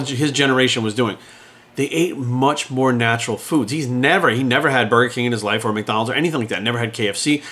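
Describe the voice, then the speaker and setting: A man in his forties rants at a quick clip, blunt and heated. He swears constantly and talks like a fitness trainer. His voice sits at an average pitch. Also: fairly bright tone. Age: 40s. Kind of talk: unscripted rant to camera.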